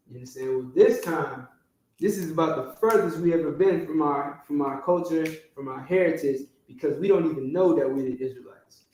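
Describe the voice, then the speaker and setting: A man's voice: fairly high pitch, mellow. A man teaching a class in a classroom, often stopping to check that his listeners follow. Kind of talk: classroom lecture. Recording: very echoey room, distant from the mic.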